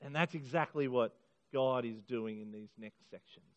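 Earnest man preaching in a reverberant hall. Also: medium pitch. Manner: earnest, emphatic, slows for key phrases. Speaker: pastor. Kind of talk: sermon. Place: church hall. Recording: muffled sound in a hall with long reverb.

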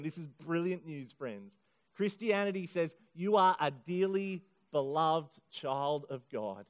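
A middle-aged man preaching a sermon to a congregation, earnest and emphatic, slowing down on key phrases. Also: fairly high pitch. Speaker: pastor. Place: church hall. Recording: muffled sound in a hall with long reverb.

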